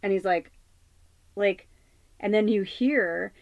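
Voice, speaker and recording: A spiritual medium in her forties hosts a talk show on her channel, chatting casually and sincerely while rambling through fillers and restarts. She speaks slowly in a mid-range voice, and the recording is muffled but without echo.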